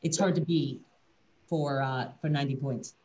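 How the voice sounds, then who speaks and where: A woman's voice: extremely low pitch, fairly even intonation, moderate pace, dark tone, muffled recording. Winery rep, woman, video-call wine tasting, enthusiastic and explanatory. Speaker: winery representative.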